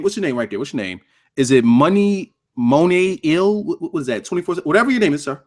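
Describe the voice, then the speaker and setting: A man's voice: fairly high pitch, expressive, brisk. A man hosting a casual livestream review of a wrestling show, cursing freely, laughing often and joking with his chat.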